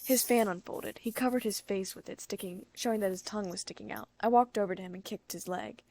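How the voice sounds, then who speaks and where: A woman narrating a first-person fanfiction audiobook, reading briskly and lifting her pitch for excited characters.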